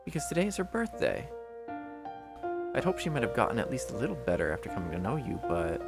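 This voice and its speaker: A man voicing a polite, refined young woman in a visual novel, speaking softly in a raised voice. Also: sing-song, fast talker, gravelly, loud music behind the voice. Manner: soft, polite, raised pitch.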